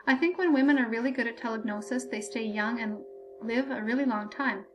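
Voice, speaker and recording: A woman's voice: fairly high pitch, a little fast, over music, lightly acted. A woman reading an audiobook voices a thoughtful, practical young female student who sounds matter-of-fact. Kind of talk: audiobook character voice.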